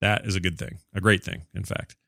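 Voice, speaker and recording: A man's voice: low voice, little pitch movement, brisk, creaky, pushed and bright, no room sound, clean studio sound. A man hosting a gaming podcast alone, reading listener emails aloud and answering them in a chatty, rambling, self-deprecating way. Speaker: podcast host.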